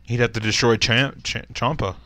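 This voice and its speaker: Male co-host, mid pitch, eager reactions, dry close sound. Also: moderate pace, no room sound. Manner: excitable, chiming in with reactions. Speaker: podcast co-host. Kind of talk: casual chat.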